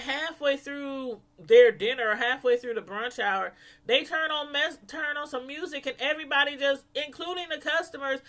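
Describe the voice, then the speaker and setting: Chatty bright-voiced woman vlogger. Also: sits high. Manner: chatty, laughs a lot, mimics people in quotes. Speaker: vlogger reviewing a reality show. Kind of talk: casual chat to viewers.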